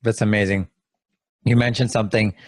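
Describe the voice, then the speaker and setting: A man's voice: on the low side, level tone, a little fast, no room sound. A man hosting a podcast interview, enthusiastic and stumbling over restarts as he asks questions. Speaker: podcast host. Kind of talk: interview conversation.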